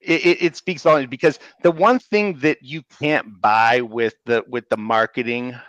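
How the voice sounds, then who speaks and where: A man's voice: mid-range voice, steady tone, normal speed, a bit bright, no echo, muffled recording. A man co-hosting a casual livestream, playful and teasing as he eggs the others on. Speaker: co-host of a comics livestream.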